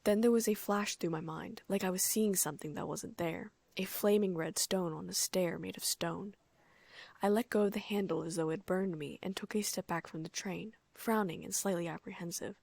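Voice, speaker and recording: Husky, soft-spoken woman reading a story. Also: fairly low pitch, steady tone, moderate pace, no echo. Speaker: audiobook narrator. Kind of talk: first-person fan fiction audiobook reading.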